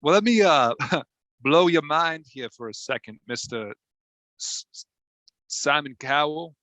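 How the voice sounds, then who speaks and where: A crude, boastful older Southern statesman drawls every line slowly, as a man puts him on for an improv bit. His voice is bright and forceful, and it sits dry and close to the mic. He jeers at everyone in a thick Southern accent. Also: fairly high pitch, dry recording, low-quality recording. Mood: scornful. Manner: slow drawling brags, rude insults. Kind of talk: improv comedy.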